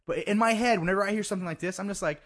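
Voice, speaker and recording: A man's voice: sits high, very fast, fairly bright tone. A man co-hosting a podcast in casual banter, self-deprecating and laughing often. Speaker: podcast co-host.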